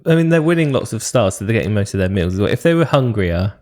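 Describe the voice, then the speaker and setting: A man's voice: fairly low pitch, big pitch swings, fast, darkish tone. A man co-hosting a chat podcast, making dry, sarcastic asides. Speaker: podcast co-host. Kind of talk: casual chat.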